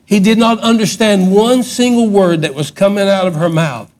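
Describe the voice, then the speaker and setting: A middle-aged man preaching a sermon, swinging from loud emphatic outbursts to hushed lines. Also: high-pitched, moderate pace. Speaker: pastor.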